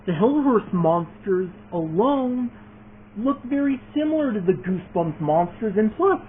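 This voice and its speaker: A high-voiced man rambles eagerly through a casual vlog. He restarts sentences and leans on fillers. The sound is thin and phone-like, with a faint hiss behind it. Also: very animated, unhurried. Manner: eager, keeps adding more points. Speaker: video creator announcing his fan series.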